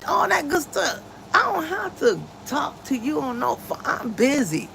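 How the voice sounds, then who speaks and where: A woman's voice: high-pitched, very animated, a little slow, creaky, sharp tone, slight background noise, rough recording. A woman hosting a casual livestream from home, talking emphatically and a little preachy about faith and her friends, on a phone mic. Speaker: livestream host.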